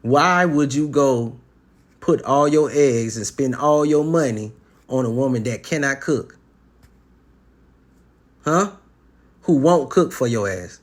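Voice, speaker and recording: A man talks through his dating advice in a loose, blunt monologue. He is profane and streetwise and leans on sports comparisons. His pitch sits in the middle for a man. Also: slow, pauses often. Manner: blunt and animated, with sports analogies and acted-out quotes. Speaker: podcast host giving relationship advice. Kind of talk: casual monologue.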